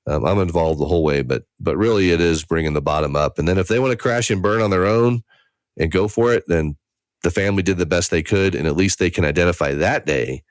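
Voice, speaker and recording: Deep-voiced earnest male interventionist. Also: fast talker, no echo, studio quality. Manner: earnest, animated, acts out quoted family members. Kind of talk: conversational interview answer.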